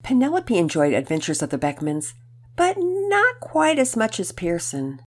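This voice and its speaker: A woman reading a children's story aloud in an expressive, storytelling way. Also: mid-range voice, normal speed, breathy edge.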